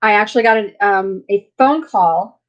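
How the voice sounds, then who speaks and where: A woman's voice: medium pitch, moderate pace, muffled recording. A woman hosting a casual live chat, rambling through personal stories and laughing often between sentences. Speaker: livestream host.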